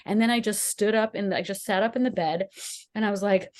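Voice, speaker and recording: A woman's voice: medium pitch, normal speed, a little mellow. A woman co-hosting a podcast, telling a personal story in casual chat and acting out the quotes with animation. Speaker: podcast co-host.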